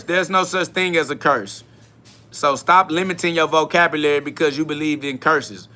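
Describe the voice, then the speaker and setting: In a solo spiritual podcast monologue, a male host with a fairly high, bright voice speaks forcefully. He responds to listener comments bluntly and confrontationally, swearing freely and returning again and again to his catchphrases.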